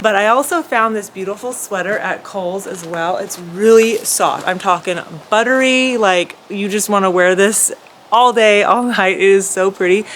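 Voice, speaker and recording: A woman's voice: medium pitch, fairly bright tone, a little hiss or hum. A woman vlogger in her thirties, gushing enthusiastically as she shows off home decor around her house. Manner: gushing, enthusiastic, lots of "beautiful" and fillers. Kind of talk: casual sponsored home decor vlog. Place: at home, porch and indoors.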